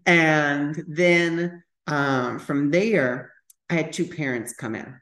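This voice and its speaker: A man's voice: fairly high pitch, slow, a bit bright. A young man tells a personal story to camera on his spiritual vlog. He talks in a loose, chatty way, scattering fillers and acting out other people's lines as he goes. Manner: chatty, full of "like" fillers, re-enacts dialogue. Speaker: spiritual vlogger.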